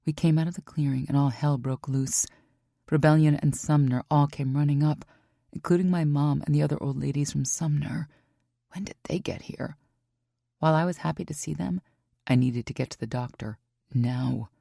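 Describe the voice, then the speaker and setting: A woman reading a first-person romance audiobook in an intimate, emotive way, with hushed passages. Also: sits low, normal speed, gravelly, no echo, studio quality. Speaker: audiobook narrator.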